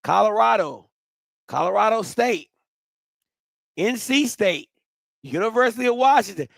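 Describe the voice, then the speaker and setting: A male sports-talk host reads out a team's schedule and reacts with loud exclamations. His voice is high and bounces all over. The recording sounds close and dry, with no room echo. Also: animated, unhurried, vocal fry, pauses often. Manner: exclamatory, reacting aloud while reading out lists. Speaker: podcast host.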